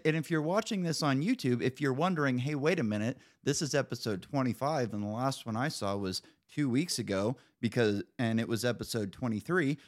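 A man hosting a podcast in casual chat, telling loose, profane stories. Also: on the high side. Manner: loose, profane storytelling with laughs. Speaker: podcast host.

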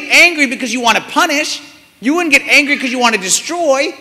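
A man's voice: very high-pitched, animated, brisk, sharp tone, long reverb tail. A man preaching a sermon in a church, asking the congregation many rhetorical questions and repeating phrases for emphasis.

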